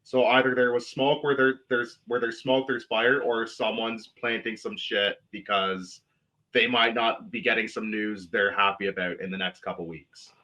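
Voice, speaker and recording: Man, podcast co-host, blunt, swears, bright forceful voice, lowish pitch. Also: little pitch movement, moderate pace, lo-fi sound. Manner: blunt, opinionated, swears freely. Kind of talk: casual podcast chat.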